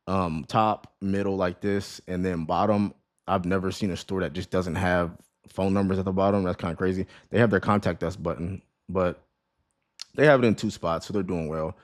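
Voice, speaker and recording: A man giving a casual screen-share lesson on running an online store, talking conversationally with many "right?" tags and restarted words. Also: deep voice. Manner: conversational, repeats "right?" and "you know what I mean?", restarts words. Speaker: online business course creator.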